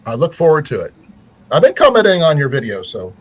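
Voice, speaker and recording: A man's voice: fairly high pitch, wildly swooping pitch, a little fast, slightly rough, low-quality recording. A man hosting a casual livestream chat, rambling with many fillers and restarts. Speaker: channel host.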